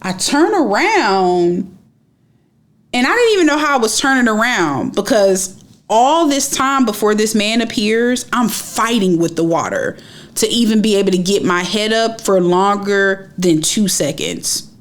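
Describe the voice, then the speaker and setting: A young woman retelling a personal story in a casual, animated way, stressing and repeating her phrases. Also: mid-range voice, unhurried.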